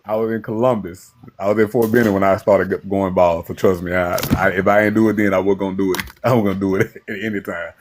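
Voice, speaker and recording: A relaxed man in casual panel banter who chuckles as he talks. His voice sits on the low side, with a faint noise behind him. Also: fast. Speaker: panel guest.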